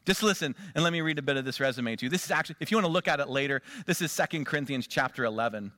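Bright, lively male preacher. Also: fairly high pitch, racing, no echo, studio quality. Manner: animated, rhythmic preaching with rising emphasis. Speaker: pastor. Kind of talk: sermon.

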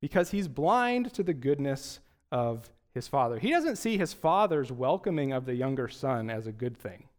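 A man's voice: mid-range voice, sing-song, moderate pace, few pauses. A young adult male pastor preaching a sermon in a conversational way, often asking rhetorical questions.

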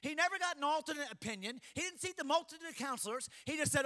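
High, bright-voiced man preaching. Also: animated, quick pace, few pauses. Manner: preaching with rising emphasis and dramatic quotes. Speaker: pastor. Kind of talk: sermon.

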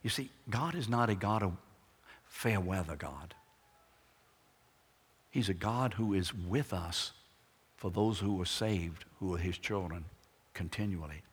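A man preaches a sermon, pressing his points with emphatic repetition and rhetorical questions. His voice is low and husky, and his delivery is slow and deliberate. The sound carries a long hall reverb.

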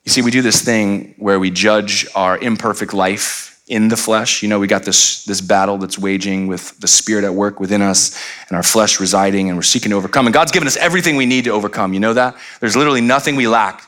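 A man's voice: on the low side, fast, fairly bright tone. A middle-aged man preaching a sermon as pastor, conversational and playful, acting out little quoted voices.

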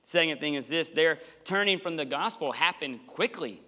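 A male pastor preaches in a somewhat high, bright and forceful voice, passionate and emphatic, slipping in folksy asides. His sermon rings out in a church hall with a long, echoing reverb. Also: lively intonation, normal speed. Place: church sanctuary.

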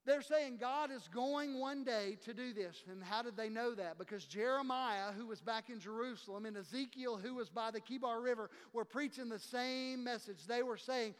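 With a clear, resonant tone and a voice sitting very high for a man, a pastor preaches passionately at a moderate pace, hardly pausing. He performs the voices of the people he quotes, and the sound rings through a long, reverberant church hall.

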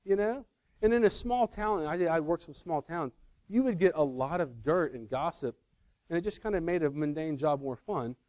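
A man with a fairly high voice preaches in an easy, conversational way, pressing hard on key points and fixing his words as he goes. The sound is dry and close, with no room echo. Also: animated, moderate pace, darkish tone. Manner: conversational, self-correcting, emphatic. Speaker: pastor. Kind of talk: sermon.

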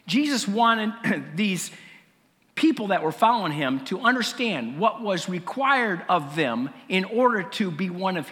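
A middle-aged man preaching a sermon as pastor, conversational, with fillers and frequent throat clearing. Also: sits high, sharp tone, long reverb tail.

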